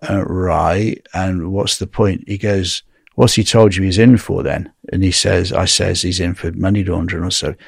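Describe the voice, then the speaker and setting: A man tells stories from his time inside, meandering from one anecdote to the next and checking in with his listener. His voice sits on the low side. The sound is dry and close, with no room around it. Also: fairly even intonation, moderate pace, creaky, breathy edge, no echo. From England. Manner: rambling anecdotal, tag questions like "right?". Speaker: guest recounting prison time. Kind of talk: casual storytelling interview.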